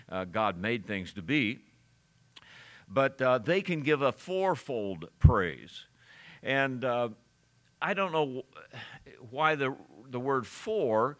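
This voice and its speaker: A man with a bright, forward voice delivers a verse-by-verse sermon as pastor. He speaks earnestly, often stopping on fillers and repeating words. He slows and lifts his voice to stress key phrases. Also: medium pitch. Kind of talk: expository sermon.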